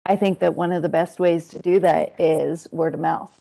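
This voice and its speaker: A woman testifying at a public hearing, speaking thoughtfully and hesitantly with many pauses. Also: deep voice, steady tone, creaky, mellow. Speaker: hearing witness, independent living center worker.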